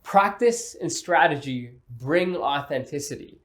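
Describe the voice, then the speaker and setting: Male speech coach, slightly raised pitch, measured scripted teaching with deliberate changes in pace and tone. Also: animated, fairly bright tone. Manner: measured, clear delivery that shifts pace and pitch to demonstrate. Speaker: speaking coach. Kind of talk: scripted instructional narration.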